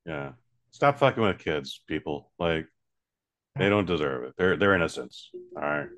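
A man's voice: rumbling low, expressive, normal speed, a bit bright. A man co-hosting a casual comedy podcast, dry and teasing, and laid-back as he corrects and riffs. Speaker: podcast co-host.

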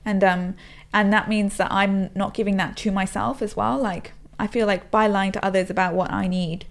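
Gravelly-voiced woman, candid podcast chat. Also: medium pitch, steady tone, normal speed. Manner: candid, swearing, storytelling. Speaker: podcast co-host. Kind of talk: casual chat.

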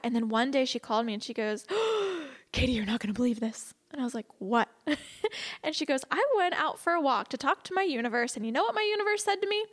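A woman leading a church evangelism class, teaching casually and telling stories, chatty and quick to laugh. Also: on the high side. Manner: chatty, laughs often, animated when quoting others.

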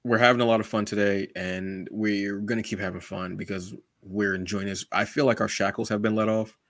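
A man co-hosting a podcast in casual chat, from the United States, animated and often calling his co-host brother. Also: fairly low pitch, fairly quick, no echo, studio quality. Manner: animated, says "brother" often, acts out quotes.

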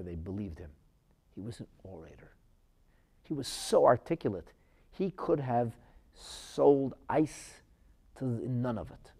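A man teaching a Torah class as a rabbi, swinging dramatically between loud outbursts and hushed asides. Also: medium pitch, normal speed, creaky, pauses often, slightly rough.

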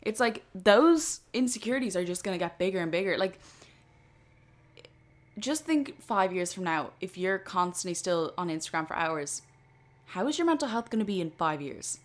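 A woman's voice: fairly low pitch, animated, normal speed. A woman of twenty, talking through a casual solo podcast episode in an earnest, chatty way full of "like". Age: 20s. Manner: chatty, earnest, many "like" fillers. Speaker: podcast host.

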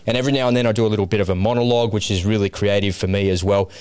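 A man's voice: fairly low pitch, fairly even intonation, rapid-fire, darkish tone, clean tone. Friendly male podcast host. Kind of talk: casual podcast interview.

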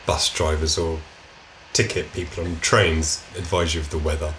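A woman's voice: rumbling low, level tone, moderate pace, fairly bright tone, reverberant, slight background noise. A woman co-hosting a podcast, wry and joking, full of playful asides. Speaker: podcast co-host.

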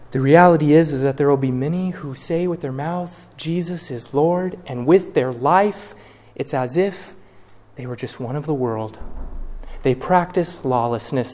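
Dramatic preacher, man, fairly high voice. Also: in a large hall, slight background noise. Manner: dramatic, acts out quoted voices with swings from loud to hushed. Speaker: pastor. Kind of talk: sermon.

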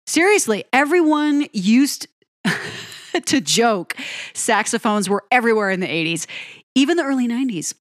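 A woman giving an admiring, unhurried commentary on a pop ballad. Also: fairly high pitch, expressive, dry recording, clean studio sound. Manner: admiring, lingers on phrases, sings lyric snippets. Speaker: music reviewer. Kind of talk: song-by-song music commentary.

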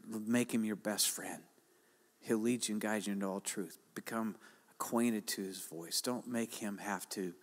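Older male preacher with hall reverb. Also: on the low side. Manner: preaches with repeated exhortations, rising loud and emphatic. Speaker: pastor. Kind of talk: sermon.

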